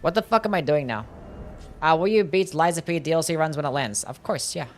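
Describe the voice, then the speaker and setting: A man's voice: a little high, brisk, soft background music. A man streaming a game live, chatting casually and answering viewers' questions in a loose, offhand way, with laughs and some swearing. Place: home streaming setup.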